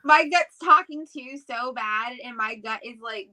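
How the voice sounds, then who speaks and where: A woman's voice: a little high, pushed and bright, low-quality recording. A woman giving casual spiritual advice on a live stream, chatty, full of "like" and "right?". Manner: chatty, fast, many "like"s and "right?"s. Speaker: co-host and reader.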